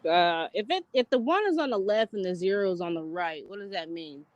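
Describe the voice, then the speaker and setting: A woman's voice: lowish voice, lively intonation, fairly quick, no echo. A woman guest on a podcast asking plain, puzzled questions. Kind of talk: casual podcast chat. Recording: muffled, off-mic pickup.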